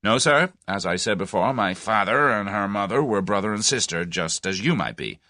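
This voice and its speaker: A man's voice: lowish voice, lively intonation, normal speed, no echo, clean studio sound. A man voicing a blunt, pugnacious American man in his thirties, with an American accent, in an audiobook. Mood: plain-spoken. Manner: blunt, forceful, folksy.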